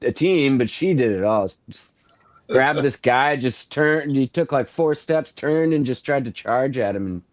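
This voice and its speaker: A man telling a story in a casual chat, halting and restarting often. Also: medium pitch, dry recording. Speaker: guest crew member.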